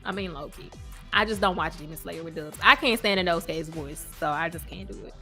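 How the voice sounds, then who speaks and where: A woman co-hosting a podcast in casual chat, talking in a slangy, emphatic, relaxed way. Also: on the low side, a little fast, soft background music. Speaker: podcast co-host.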